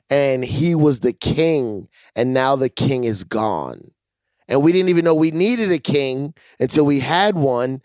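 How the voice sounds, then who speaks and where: A man co-hosting a podcast, reflecting out loud and posing rhetorical questions. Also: mid-range voice, smooth, dry recording, studio quality. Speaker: co-host. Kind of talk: podcast commentary.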